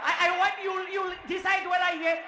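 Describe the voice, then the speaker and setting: Bright, shouting woman MC. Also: extremely high pitch, level tone, a little fast, a little hiss or hum. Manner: loud, repetitive, often shouting to the crowd. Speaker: event MC. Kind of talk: live crowd hype and welcome speeches. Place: indoor sports dome.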